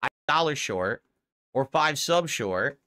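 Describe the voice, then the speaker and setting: A man's voice: medium pitch, lively intonation, a little slow, pushed and bright. A male streamer on a live stream, earnestly thanking his viewers for tips as he wraps up. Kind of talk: live stream sign-off talk.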